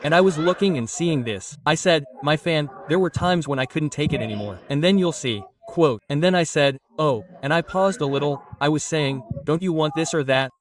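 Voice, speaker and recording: A man in his thirties from Brazil doing stand-up, telling an animated story and acting out the lines of the people in it. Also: a little high, moderate pace, few pauses, a crowd in the background. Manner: animated, acts out quotes, swears casually. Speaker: stand-up comedian. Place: comedy stage with live audience. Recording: distant stage mic, audience noise.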